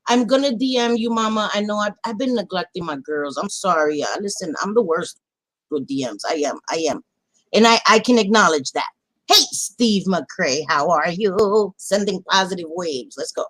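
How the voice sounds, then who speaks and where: A woman talks straight to her livestream viewers in a mid-range voice, lively and loose, calling them by pet names and dropping swears without pause. Her chat is casual and direct. She sounds like someone talking from home to people she knows well. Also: mid-range voice. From Latina. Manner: animated, swearing, affectionate nicknames. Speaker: livestream host.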